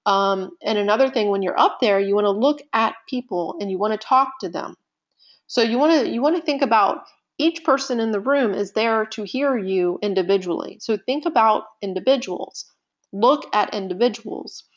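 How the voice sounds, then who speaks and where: A woman teaching presentation skills in a live online session, talking conversationally with deliberate pauses and shifting loudness. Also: mid-range voice, lo-fi sound. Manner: animated, conversational, uses deliberate pauses and vocal dynamics.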